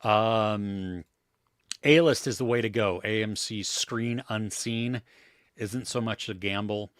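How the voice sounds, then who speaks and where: A man's voice: fairly low pitch, slow, no room sound. Dry-miked man ranting about movies. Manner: blunt, animated when ranting about films. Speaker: movie podcast co-host. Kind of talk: casual live chat.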